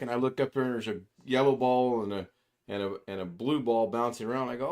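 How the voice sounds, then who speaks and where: A man's voice: medium pitch, steady tone, fast talker, darkish tone. An older man hosting a livestream, chatting casually and rambling through a story while he acts out other people's voices and chuckles often. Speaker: livestream host. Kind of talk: casual chat.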